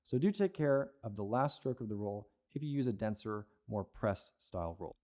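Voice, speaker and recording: A young man with a mellow, relaxed tone gives a patient, step-by-step percussion lesson. He often checks in with the listener with a quick "okay?" or "right?". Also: fairly low pitch. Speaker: percussion teacher. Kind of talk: instructional lesson.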